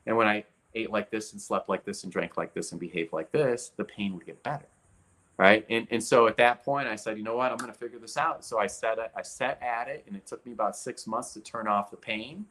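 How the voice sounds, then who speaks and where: A man in his forties, a guest expert in an interview, telling a personal story with animated delivery while demonstrating with his arm and hand. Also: lowish voice, a little fast.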